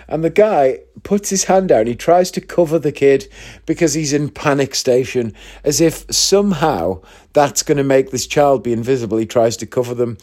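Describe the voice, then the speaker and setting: A man in his thirties from northeast England, a comedian spinning a long personal anecdote. He talks casually and chattily, breaking off for asides to his listeners. His voice sits at an ordinary middle pitch for a man. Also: animated, normal speed, dark tone. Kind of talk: casual storytelling.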